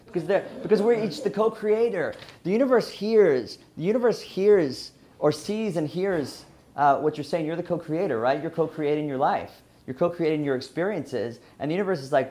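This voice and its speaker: A man's voice: on the high side, normal speed, a little mellow. A man from Louisiana with a Southern twang, giving a personal story talk, earnest and often restarting himself. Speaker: speaker.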